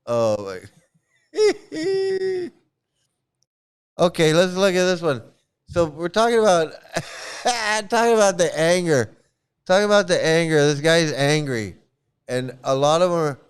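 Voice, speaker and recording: A man on a casual reaction livestream mocks a cult, laughing and cussing as he goes. His slightly high voice is smooth and very clean.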